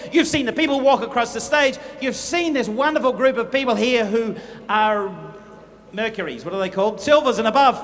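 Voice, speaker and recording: Animated man speaking in a big hall. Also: very high voice. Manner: animated, humorous, dramatic. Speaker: motivational speaker at business event. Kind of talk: motivational speech with storytelling. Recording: echoey hall with faint noise.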